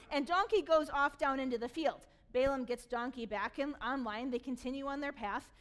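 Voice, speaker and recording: A woman preaching from the pulpit with a high, bright-toned voice. She reads scripture and then retells the story in a lively, amused way, laughing at the funny parts. It is a warm, conversational sermon delivery. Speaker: pastor.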